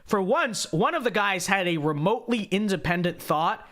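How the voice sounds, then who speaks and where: A man's voice: lively intonation, normal speed, a bit bright. Sarcastic young male political commentator. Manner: sarcastic, mocks quotes in a high whiny voice.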